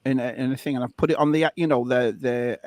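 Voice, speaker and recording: A man from the north of England with a northern English accent, telling lively anecdotes on a live-stream chat and repeating words as he gets going. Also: mid-range voice, quick pace, no room sound. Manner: lively storyteller, repeats words when excited. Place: lives in rural America.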